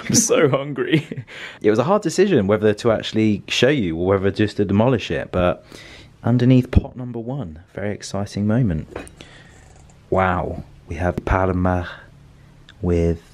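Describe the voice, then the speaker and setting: A young man vlogging a casual, upbeat tour of a hotel room, chatty and relaxed. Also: fairly low pitch.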